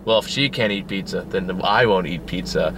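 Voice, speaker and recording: A man's voice: deep voice, moderate pace, noisy background. A young man co-hosting a casual movie review chat, swearing freely and mimicking characters in silly voices. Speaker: podcast co-host.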